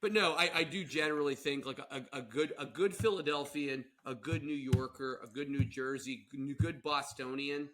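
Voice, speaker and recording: A man's voice: mid-range voice, moderate pace, hardly any pauses, background noise. A man co-hosting a podcast in casual, rambling chat, often breaking into silly put-on voices. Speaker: podcast co-host.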